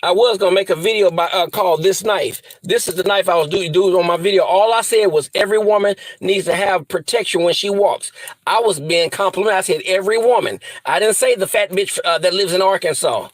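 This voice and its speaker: Furious high-voiced man ranting. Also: a little fast, no room sound, poor audio. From US Midwest. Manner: profane, threatening, repeats insults. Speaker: vlogger. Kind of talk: angry rant to camera.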